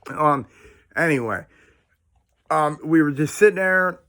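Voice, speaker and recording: A man hosting his own channel, telling a story to camera in a casual, excitable, rambling way full of restarts and slang. He is talking indoors at home. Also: a little high, unhurried, long pauses. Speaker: paranormal storyteller, channel host.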